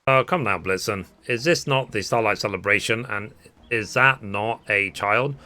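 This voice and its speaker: Man doing an earnest, fussy scholar, formal and flustered, low bright voice. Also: normal speed. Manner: formal, old-fashioned wording read aloud.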